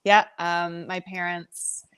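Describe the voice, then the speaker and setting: A woman with a somewhat low voice, guesting on a casual podcast. She tells stories in a loose, giggly way. Her voice sounds dry and close, with no room around it. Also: little pitch movement, slow pace, a bit bright, smooth, no room sound. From Canada. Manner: chatty, giggly storyteller. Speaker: guest rapper. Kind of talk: casual podcast interview chat.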